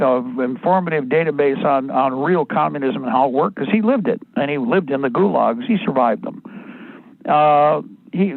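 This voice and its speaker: A man with a raspy, gravelly, somewhat high voice hosts a talk radio monologue. He rambles, restarts his sentences and talks bluntly, crude at times. The sound is dry and thin, like a phone line. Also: dry recording. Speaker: radio host.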